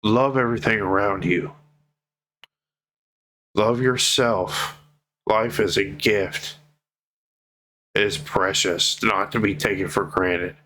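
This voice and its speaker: Man, very low voice, tearful vlogger, heartfelt and profane, slow earnest emphasis. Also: steady tone, pushed and bright, rough recording. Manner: heartfelt, swears freely, slow pleading emphasis. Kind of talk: emotional personal vlog.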